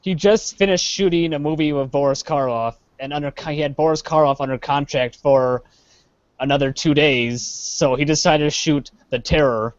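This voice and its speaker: A man's voice: a little high, fairly even intonation, moderate pace, no echo. A man co-hosting a casual live-streamed chat, rambling with lots of fillers. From Chicago area. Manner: rambling, trails off with many uh fillers. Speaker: podcast co-host. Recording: dull lo-fi live stream audio.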